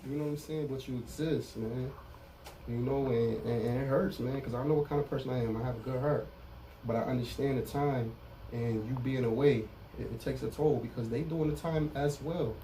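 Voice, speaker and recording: A man's voice: mid-range voice, fairly even intonation, brisk, dark tone, a little hiss or hum. Candid man recalling prison time, slightly distant. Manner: candid, street slang, frequent "you know what I'm saying". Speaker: interview guest. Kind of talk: casual interview about prison time.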